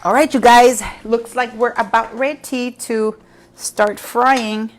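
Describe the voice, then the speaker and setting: A woman's voice: a little high, steady tone, slow pace. Chatty woman hosting a home cooking class. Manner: chatty, warm storytelling with laughs and asides to viewers. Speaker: cooking show host. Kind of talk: casual live cooking class with storytelling. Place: home kitchen.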